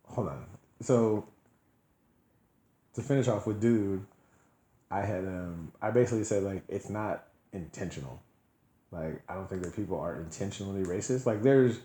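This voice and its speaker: A man's voice: sits low, mellow. A man hosting a podcast, telling stories in a loose, laughing way during casual chat. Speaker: podcast host. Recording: echoey room.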